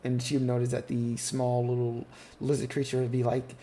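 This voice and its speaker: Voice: mid-range voice, monotone, normal speed, dark tone, a little hiss or hum. A game master casually narrating a tabletop roleplaying scene with plenty of fillers.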